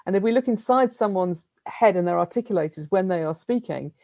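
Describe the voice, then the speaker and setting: A middle-aged British woman giving an academic plenary talk over a video call, chatty and lively, with small self-deprecating laughs. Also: mid-range voice, a little fast. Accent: British English. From United Kingdom. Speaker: lecturer. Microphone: computer mic on a video call.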